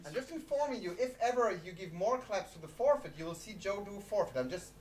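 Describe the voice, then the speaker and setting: An emcee of an improv show addressing a live audience in a playful, halting way. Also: medium pitch, lively intonation, very noisy. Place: theater stage.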